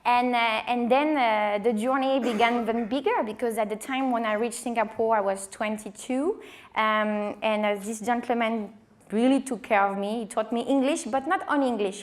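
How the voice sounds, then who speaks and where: A woman in her thirties with a French accent and a small voice, telling her career story in a lively conference talk with many fillers. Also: fairly high pitch, moderate pace. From France. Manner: animated, acts out quoted dialogue, many fillers. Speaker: wine director giving a conference talk.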